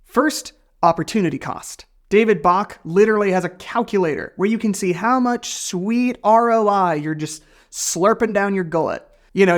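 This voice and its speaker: A man hosting a personal finance video, delivering a scripted comedic explainer in a sarcastic, playful way with jokey asides. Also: sits high.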